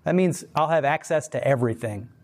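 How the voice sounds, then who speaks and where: A man giving a casual, rambling faith talk, animated, laughing often and putting on voices for quoted people. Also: fairly high pitch, brisk. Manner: rambling, many fillers and restarts. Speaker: Christian speaker.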